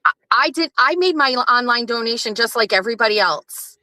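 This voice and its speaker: A confrontational woman pressing hard with pointed questions in a heated stream argument. Her voice is high, bright and sharp, recorded dry. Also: lively intonation, brisk, dry recording. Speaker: guest in an argument.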